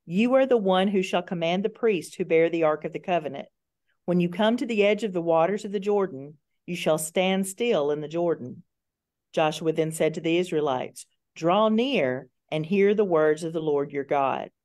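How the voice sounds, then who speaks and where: Woman reading scripture, low voice. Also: moderate pace, a little mellow. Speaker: scripture reader in Bible study.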